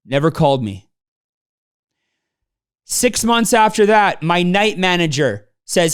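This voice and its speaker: High, clear-voiced man telling stories. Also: very animated, takes it slowly, pauses often. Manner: storytelling, acts out quoted people. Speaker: business trainer. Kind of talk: motivational talk to a live audience.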